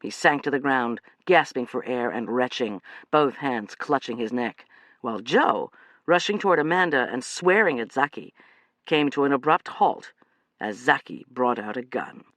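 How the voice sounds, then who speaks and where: A man narrating a suspenseful novel as an audiobook, in an expressive, dramatic reading. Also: medium pitch, moderate pace, dry recording.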